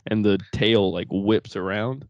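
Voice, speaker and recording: Low-voiced young man, rambling and profane. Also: a little slow, no echo, highs cut off. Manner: rambling, profane, laughs through stories. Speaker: podcast co-host. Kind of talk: casual chat.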